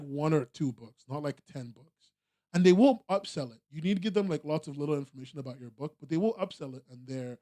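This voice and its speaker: This young podcast host from the United States has a fairly high, warm voice. He chats casually and wanders from point to point, relaxed, often using fillers and starting sentences over.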